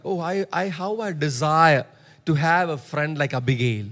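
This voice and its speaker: A high-voiced male preacher delivers a sermon with emphasis. He repeats key phrases and calls on listeners to say words back to him. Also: moderate pace, fairly bright tone. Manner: emphatic, repeats lines, calls for audience response.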